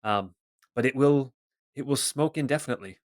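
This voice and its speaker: A man's voice: mid-range voice, a little fast, no echo, studio quality, close to an everyday voice. A man voicing a nervous, evasive male shopkeeper who stammers and hesitates while selling his wares. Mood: cautious.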